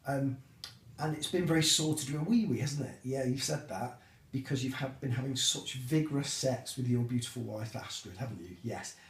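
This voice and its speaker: Male, mid-pitched, deadpan teasing prank message, slow comic pauses, roomy echo. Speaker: coworker leaving a prank message. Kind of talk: mock-sincere comic video message.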